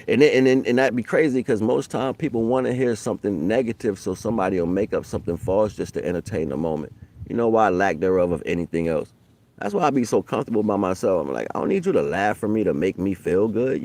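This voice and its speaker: A middle-aged man giving a casual spiritual monologue in street slang, cursing freely and jumping loud when he acts out other people. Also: on the low side, lively intonation, fast talker. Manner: street slang, loose and profane, rises loud for quoted voices. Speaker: spiritual talk streamer.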